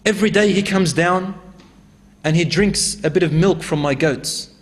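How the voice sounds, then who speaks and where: A plain village shepherd, matter-of-fact and simple, speaking in a high, light voice, as a preacher voices him. Nothing is put on beyond the teller's own tone. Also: male voice, normal speed, long reverb tail, lightly acted.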